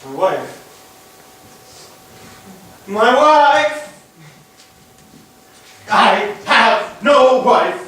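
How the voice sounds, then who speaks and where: A tormented, jealous general, voiced by a man in stage Shakespeare, pitched high and speaking slowly with drawn-out stresses. It is caught from a distance in a very reverberant theatre, with faint ambient noise underneath. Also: fairly bright tone. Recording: roomy hall, distant mic, faint noise.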